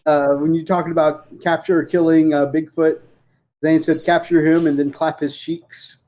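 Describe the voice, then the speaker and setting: A man co-hosting a live stream, reading viewer comments in a relaxed, easygoing way. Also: on the high side, normal speed, lo-fi sound. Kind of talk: casual chat on a live stream.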